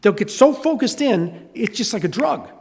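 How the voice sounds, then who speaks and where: Older man, Southern US accent, sermon, animated storytelling, echoey hall. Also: high-pitched, moderate pace, creaky, a little hiss or hum. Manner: animated storytelling, acting out voices. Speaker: pastor.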